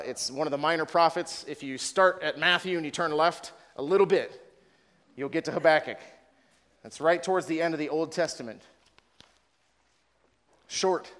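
A man's voice: fairly high pitch, a bit bright. A man preaching a sermon earnestly, with frequent repeated words and rising passion when reading scripture. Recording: long reverb of a large room.

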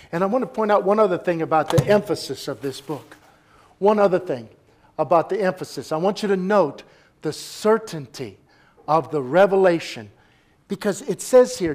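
A man preaching a sermon as pastor, emphatic, swinging between forceful exclamations and soft asides, calling out for responses from the congregation. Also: high-pitched, animated, normal speed.

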